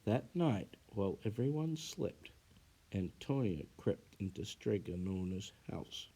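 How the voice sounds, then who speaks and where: A man reading a children's storybook aloud in a measured, expressive way. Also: fairly low pitch, slightly rough.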